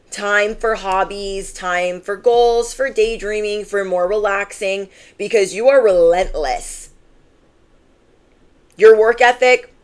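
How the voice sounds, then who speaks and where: Woman tarot reader, chatty and emphatic, average pitch. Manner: emphatic, conversational, fillers. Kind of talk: channeled tarot reading.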